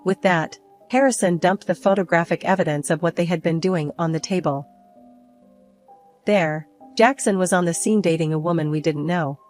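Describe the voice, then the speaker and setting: An older woman calmly narrating a story in the first person. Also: fairly low pitch, normal speed, soft background music. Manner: calm, even storytelling. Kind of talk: scripted narration.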